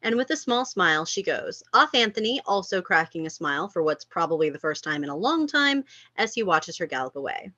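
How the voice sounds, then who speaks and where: A woman reading stage directions at a table read, expressive with amused asides. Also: fairly low pitch, brisk, no echo. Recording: dull lo-fi sound.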